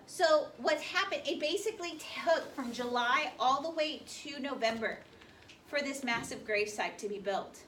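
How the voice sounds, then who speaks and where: A woman's voice: high voice, lively intonation, normal speed, fairly bright tone. A woman teaching a history class, reading a speech aloud and firing questions at her students. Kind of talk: classroom lecture. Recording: classroom recording from far off, slight noise.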